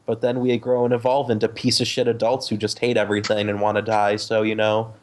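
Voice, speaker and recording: A lower-voiced man chatting on a casual podcast. He is sardonic and profane, and he stops often for ums and uhs. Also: completely flat delivery, a little fast. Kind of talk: casual group podcast chat.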